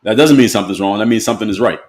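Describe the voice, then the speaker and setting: A man's voice: lowish voice, very fast, darkish tone. A man delivering a blunt, emphatic opinion monologue as a motivational speaker, lecturing his audience directly.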